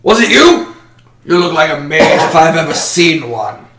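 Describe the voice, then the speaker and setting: A man's voice: a little high, sing-song, measured pace, reverberant, crowd noise, voice pushed up. A man voicing a stern, stocky male dwarf leader who bluntly interrogates prisoners. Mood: suspicious. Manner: commanding, blunt.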